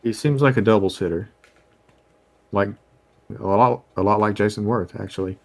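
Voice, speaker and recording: A man co-hosting a casual chat, measured and hesitant as he cites numbers. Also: fairly low pitch, slight background noise. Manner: measured, stat-citing, hesitant with fillers. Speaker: podcast co-host.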